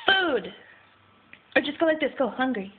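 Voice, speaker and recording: A woman's voice: high-pitched, big pitch swings, moderate pace. Woman, mother, playful, patient, coaxing a toddler, tinny phone recording. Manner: playful, patient, laughing often. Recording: thin phone-like audio.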